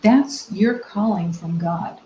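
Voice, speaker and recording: A woman spiritual teacher giving a meditative talk, soft-spoken and gentle, with long reflective pauses. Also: mid-range voice. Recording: roomy, slightly dull recording.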